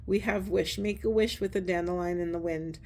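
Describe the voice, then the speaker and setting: A woman giving a spiritual oracle card reading, talking softly and earnestly, wandering through her thoughts with many fillers. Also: on the low side, steady tone, a little fast, vocal fry. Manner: soft, earnest, meandering with fillers.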